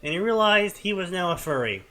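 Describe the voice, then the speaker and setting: A man co-hosting a comedy show, giving a deadpan, dismissive reading of fanfiction with commentary. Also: high voice, a little fast. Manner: deadpan, dismissive, with many "blah, blah".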